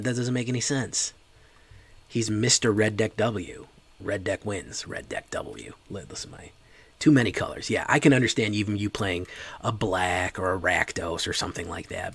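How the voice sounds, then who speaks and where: Low gravelly male streamer. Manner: chatty, joking asides to chat. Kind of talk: casual game commentary.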